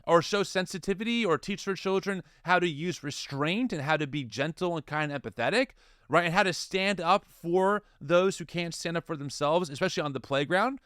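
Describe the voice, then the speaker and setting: A man in his thirties co-hosting a casual commentary podcast, animated and incredulous, often restarting his sentences. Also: a little high, fairly quick, smooth, no room sound, clean studio sound. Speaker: podcast co-host.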